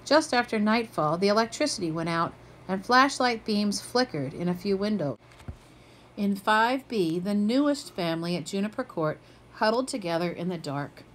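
A woman's voice: mid-range voice, expressive, moderate pace, a little hiss or hum, rough recording. A woman reading a children's picture book aloud, lifting her voice for the characters' quoted lines. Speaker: storybook reader.

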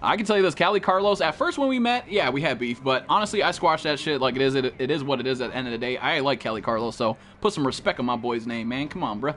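A man's voice: medium pitch, animated, fast, hardly any pauses, fairly bright tone, slight background noise. A man live-streaming a game, chatting casually and profanely with viewers and greeting them by name.

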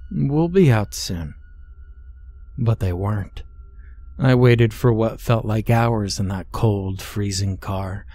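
A man narrating a scary story in a steady, measured way. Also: fairly low pitch. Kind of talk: scripted horror story narration.

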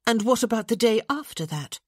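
A woman's voice: a little high, expressive, fairly quick, a little mellow, slightly rough, no echo, clean studio sound, pitched above the performer's own voice. A woman voicing a young noblewoman who speaks sharply and insistently, scolding in an audiobook. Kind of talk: audiobook character voice.

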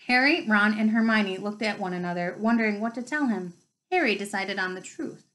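A woman reading a novel aloud with expressive, lively storytelling. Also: mid-range voice, a little fast, poor audio. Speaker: reader.

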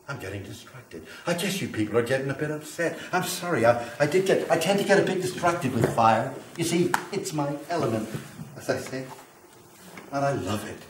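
A man's voice: medium pitch, a little hiss or hum, close to an everyday voice. Man playing a grandiose fire-obsessed spirit. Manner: theatrical, swinging between boasting and apology. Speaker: stage performer. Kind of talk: live spoken-word theatre. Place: theatre stage. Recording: roomy live venue from far off.

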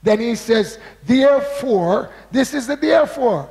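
Slow, high-voiced preacher man. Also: animated, a little mellow, long reverb tail, faint music behind. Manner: slow, emphatic preaching, asks the congregation to repeat words; reads scripture aloud with drawn-out stress. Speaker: pastor. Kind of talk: sermon with call-and-response.

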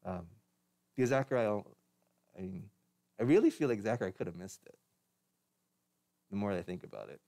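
A man's voice: lowish voice, lively intonation, moderate pace, pauses often, dark tone. A man preaching a sermon as pastor, in a conversational way with restarts and light laughs.

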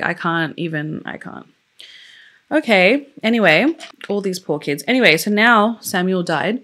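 Young woman, casual storyteller, low-ish voice, chatty and emotional with lots of fillers. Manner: chatty, loose, many fillers; openly emotional about the story. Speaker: true crime YouTuber.

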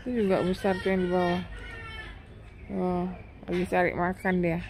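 A woman vlogging casually, cooing at birds in a high baby voice. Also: little pitch movement, a little slow, long pauses, a little mellow, a little hiss or hum. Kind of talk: casual travel vlog.

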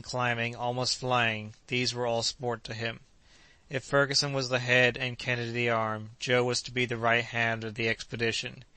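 A man narrating a classic novel as an audiobook in a measured, even reading. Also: medium pitch, no room sound, rough recording. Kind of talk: scripted narration.

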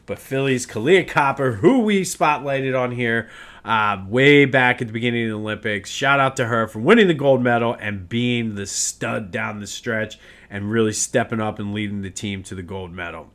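A man's voice: medium pitch, moderate pace, fairly bright tone. A man hosting a casual solo sports podcast, ranting in a worked-up way with many restarts.

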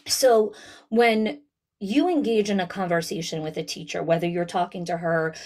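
A woman speaks to school leaders in an online town hall session, coaching them in a direct, lively way. Her voice sits at an ordinary middle pitch for a woman. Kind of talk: webinar talk.

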